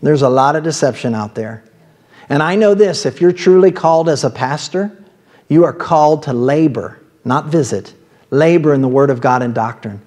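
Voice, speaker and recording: Male pastor with an Ohio accent, slightly high voice, chatty sermon delivery with asides. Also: lively intonation, moderate pace, darkish tone. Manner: conversational preaching with asides and laughs.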